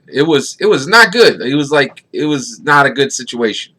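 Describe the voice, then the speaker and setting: A man's voice: on the high side, moderate pace, hardly any pauses, sharp tone. A middle-aged man from Philadelphia giving casual vlog commentary, rambling and often tagging his points with "right?". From Philadelphia, USA. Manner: rambling, keeps asking "right?", many fillers. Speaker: tabletop gaming YouTuber.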